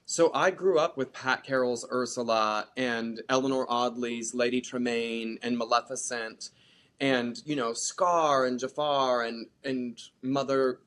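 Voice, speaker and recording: A theater actor in casual interview, talking in an animated, rambling way. The voice sits mid-pitch and keeps peppering its sentences with "like". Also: a little slow. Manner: chatty, animated, lots of filler "like". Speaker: theater actor, podcast guest.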